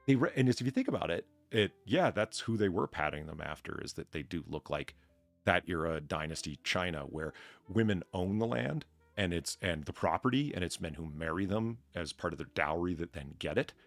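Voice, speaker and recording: A man's voice: deep voice, expressive, a little fast, vocal fry, faint music behind. A man hosting a livestream in casual chat, telling rambling stories with lots of swearing and jokes. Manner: profane, rambling, jokey storyteller. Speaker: stream host.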